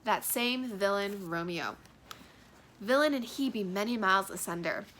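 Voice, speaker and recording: A stern noble mother scolds and commands in clipped verse, read aloud by a woman. Her voice is bright and sharp, and she gives each line as an order. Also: medium pitch, lively intonation, moderate pace, natural voice. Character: stern noblewoman mother, Lady Capulet, cold and vengeful. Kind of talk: dramatic reading of a play.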